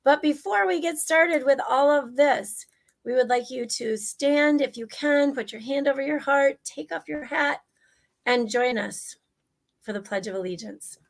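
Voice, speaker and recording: A woman's voice: sits high, unhurried, vocal fry. Upbeat woman hosting a casual show. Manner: upbeat, filler-heavy. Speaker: co-host.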